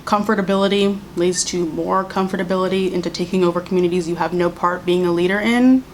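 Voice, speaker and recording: A woman's voice: lowish voice, quick pace, slight background noise. Exasperated young woman ranting to camera. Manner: exasperated, sarcastic, animated, with mocking voices and laughs. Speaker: YouTube commentary creator. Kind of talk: casual commentary rant.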